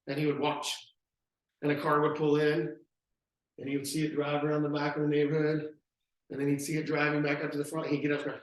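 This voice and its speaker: A man leading a real estate training talk, acting out sales pitches as he tells stories. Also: monotone, quick pace. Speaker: real estate team leader. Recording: very echoey room.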